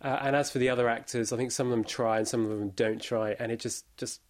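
A man reviewing a film in casual chat, pausing often with fillers and restarts. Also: medium pitch, steady tone. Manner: hesitant, many fillers and restarts. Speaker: film critic.

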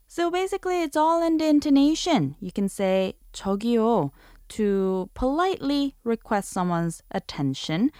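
A woman hosts a scripted language lesson in a steady, medium-pitched voice. She explains each phrase carefully and models the examples slowly and clearly. The sound is dry and close, with no room echo. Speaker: language teacher host.

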